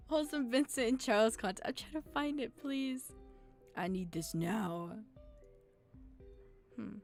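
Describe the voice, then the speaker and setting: A young adult woman streaming a game, chatting casually in an excitable, slangy way and quick to laugh and groan. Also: medium pitch, creaky, soft background music. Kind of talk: casual live-stream gameplay commentary.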